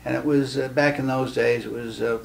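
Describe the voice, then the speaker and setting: Old guy in his 70s reminiscing, slow halting storyteller, lots of uhs. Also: medium pitch, fairly even intonation, gravelly. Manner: halting, pauses often with "uh", storytelling. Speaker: guest, guild president. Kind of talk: reminiscing interview talk.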